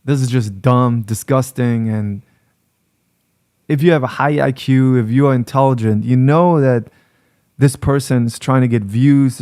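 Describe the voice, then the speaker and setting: Speaking directly to the camera, a man coaching on relationships delivers blunt advice in a medium-pitched voice with a dark tone. His style is lecturing, and he hammers points home by repeating them.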